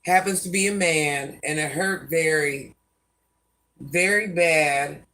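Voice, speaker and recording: The host of this casual livestream is an older woman whose low voice sounds pushed and bright as she takes things slowly. She handles viewer comments with bluntness and sass, often referring to herself in the third person.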